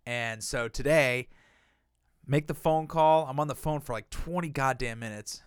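A man's voice: medium pitch, measured pace, smooth, no echo, studio quality. A man telling a long, exasperated story in casual chat, swearing a lot and acting out the people he quotes.

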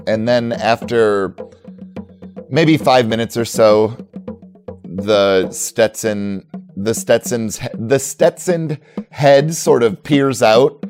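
A man narrating as game master of a tabletop game, relaxed and rambling, full of fillers. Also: fairly low pitch.

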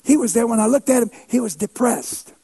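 A man with a strikingly high voice preaches a sermon through a story. He is animated and funny, and often swells into shouts to drive a point home. He pokes fun at himself as he goes. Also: a little fast, slightly rough. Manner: animated, shouts for emphasis, playful self-mocking humor.

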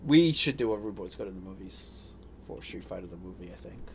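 A man's voice: sits low, animated, fairly quick, noisy background. Man co-hosting a casual podcast. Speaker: podcast co-host. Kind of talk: casual chat.

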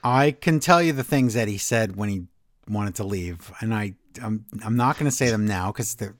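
A man's voice: lowish voice, moderate pace, no room sound, clean studio sound. A man co-hosting a wrestling podcast, ranting in an exasperated, sarcastic way in casual chat. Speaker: podcast co-host.

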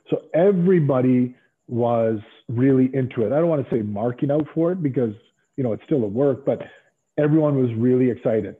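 Husky-voiced man, ex-wrestler guest, rambling anecdotes, phone-quality audio. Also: medium pitch, normal speed. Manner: rambling, animated, many fillers and restarts. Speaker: former pro wrestler as guest. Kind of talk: casual storytelling. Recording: tinny phone-like line.

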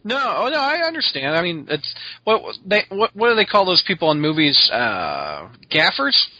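A man's voice: sits high, huge pitch swings, normal speed, pushed and bright, dry recording, highs cut off. A man co-hosting a podcast, chatting casually with short, hesitant replies. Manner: brief agreeing replies, hesitant. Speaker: podcast co-host. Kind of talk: casual chat.

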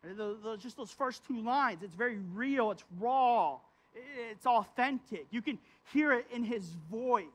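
A man with a notably high speaking voice delivers a sermon. His tone is conversational, he keeps checking in with "right?", and he reads the verses with real feeling. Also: unhurried, few pauses, fairly bright tone. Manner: reads scripture aloud with feeling. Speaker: pastor.

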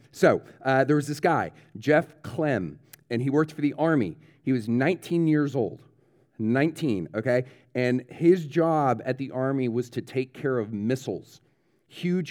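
A man's voice: mid-range voice, a little mellow. A man preaching a children's sermon in a church service, telling a true story with dramatic build-up and checking in with the kids. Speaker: pastor.

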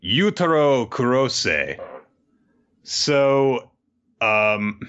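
Man, slow and lively delivery, bright tone, dull lo-fi sound, casual manga recap, laughs often. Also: smooth. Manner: acts out quoted lines in squeaky voices, laughs often, swears. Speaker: podcast co-host.

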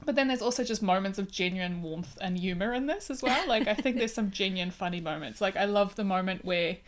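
Woman chatting about a movie, animated, keeps acting out lines. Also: mid-range voice, brisk. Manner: animated, acts out dialogue in quotes. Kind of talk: casual film discussion.

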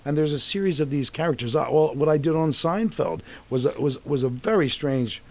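A man's voice: on the high side, a little fast. A man in his sixties, an actor telling rambling stories about his career in a casual interview. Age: 60s. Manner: animated, rambling anecdotes with restarts. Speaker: actor guest.

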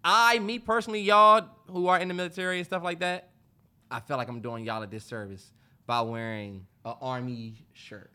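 A man's voice: a little high, normal speed, clean tone. A man co-hosting a podcast, telling a story in casual chat, acting out what people said and laughing often, out of breath. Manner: animated, acts out quotes, laughs a lot. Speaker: podcast co-host.

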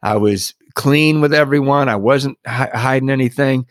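A middle-aged man shares a personal story in an earnest, reflective way, breaking into soft laughs now and then. His voice sits at a middle pitch. It is recorded dry and close, with no room sound. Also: moderate pace, no room sound. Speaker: podcast guest in recovery.

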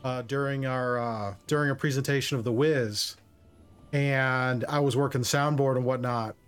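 Smooth-voiced soft-spoken streamer man. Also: medium pitch, steady tone, moderate pace. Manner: soft-spoken, self-effacing. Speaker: streamer host. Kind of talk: casual chat. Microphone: streaming setup.

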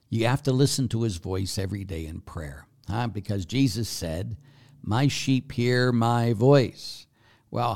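A man's voice: on the low side, gravelly, a little mellow. A man, a priest answering viewer questions in a casual live Q&A, blunt and chatty with many fillers. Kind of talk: casual live Q&A, reading comments aloud.

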